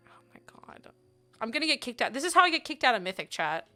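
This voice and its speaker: A young adult woman streaming and chatting casually with her viewers, rambling and giggly, sometimes breaking into loud playful yelling. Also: sits high, very animated, very fast. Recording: faint music behind.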